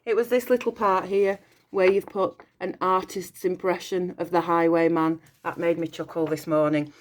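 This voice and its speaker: A woman's voice: lowish voice, steady tone, moderate pace. A woman teacher leading a school assembly, encouraging and praising pupils' work, slipping in short French phrases. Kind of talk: recorded school assembly address.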